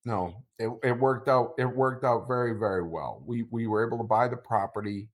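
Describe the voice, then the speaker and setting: As an interview guest, a middle-aged man relates a personal story in a medium-pitched voice, faltering and repeating himself as his voice chokes with feeling.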